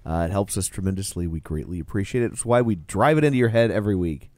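A man's voice: low-pitched, animated, fast talker, a little mellow, no room sound. A man hosting a casual movie podcast, joking and laughing often with his co-hosts. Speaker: podcast host.

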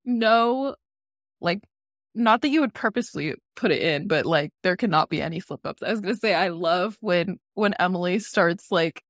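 A woman's voice: on the low side, moderate pace, no echo, clean studio sound. A woman co-hosting a casual podcast chat, rambling with lots of "like"s and laughing often. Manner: giggly, rambling with many "like"s. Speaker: podcast co-host.

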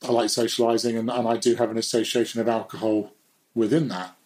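A man's voice: medium pitch, level tone, fast, darkish tone, poor audio. Reflective man speaking candidly. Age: adult. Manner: reflective, candid, laughs at himself. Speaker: guest. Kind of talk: candid conversational chat.

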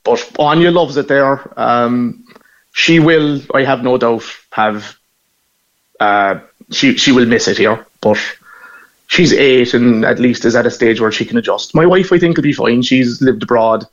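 A man's voice: mid-range voice, unhurried, lo-fi sound. A middle-aged man from Ireland with a Cork accent, chatting casually as a guest and laughing as he tells stories. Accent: Cork Irish. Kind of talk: casual phone interview.

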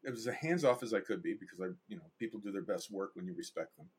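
A man with a low, slightly rough voice talks at a quick pace. He's a guest animator and director in a casual interview, telling lively anecdotes and performing the voices of the people he quotes.

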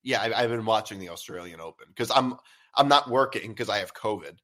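A young man co-hosting a sports podcast, easygoing and a bit halting as he talks. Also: on the low side, animated, fairly bright tone. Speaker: podcast co-host. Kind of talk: casual chat.

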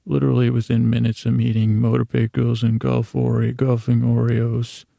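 A man with a deeply gravelly, fry-laden voice wanders through a bedtime ramble for sleepers. His tone is dark and mellow, and his delivery stays flat and low-key. The sound is close and completely dry. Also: no echo. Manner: low-key, meandering, deliberately dull. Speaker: sleep podcast host.

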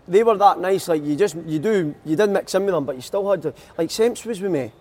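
A young Scottish footballer tells stories on a casual podcast, chatty and laughing a lot. His voice sits high and warm, and he talks briskly.

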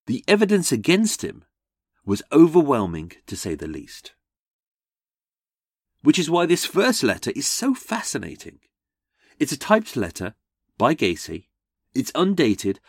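A man's voice: mid-range voice, husky, no room sound, clean studio sound. A man hosting a comedic true-crime podcast, sardonic with jokey asides. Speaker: podcast host.

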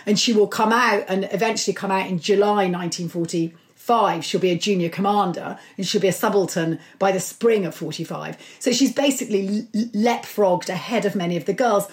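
A middle-aged woman being interviewed about her book, telling stories with lively enthusiasm. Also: medium pitch, brisk, few pauses. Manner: enthusiastic, animated storytelling. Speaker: author and guest. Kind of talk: conversational interview.

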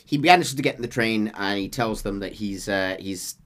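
A man casually retelling a game's story as a podcast host, animated and laughing easily. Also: lowish voice, normal speed. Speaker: podcast host narrating game lore.

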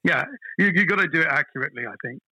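A man, a guest on a casual podcast, tells stories with animated energy. His voice is bright and forward, with a husky edge, set a little high for a man. The recording is dry and close. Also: very fast, no echo, low-quality recording. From London, England. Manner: animated storyteller, repeats words when starting a thought. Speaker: guest comedian.

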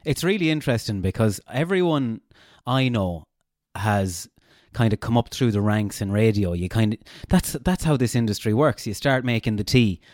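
A man with a Castlebar Irish accent hosts a relaxed podcast chat, drifting into easygoing anecdotes. His voice sits on the low side and sounds close and dry, with no room around it. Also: moderate pace, hardly any pauses, no room sound. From Ireland, Castlebar. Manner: chatty, anecdotal, relaxed storytelling. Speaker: podcast host. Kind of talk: casual conversational interview.

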